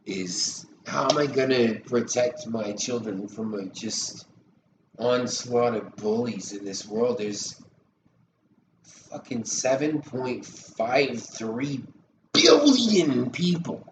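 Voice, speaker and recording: A man's voice: medium pitch, slow. A man in his thirties rambling and swearing on a live stream, sarcastic and loose. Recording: echoey room with loud background noise.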